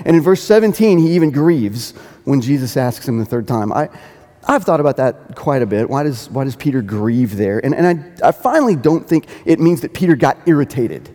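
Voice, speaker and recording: A man's voice: mid-range voice, dark tone, big-room sound. A man preaching a sermon as pastor, earnest, repeating phrases for emphasis and lifting into quoted dialogue.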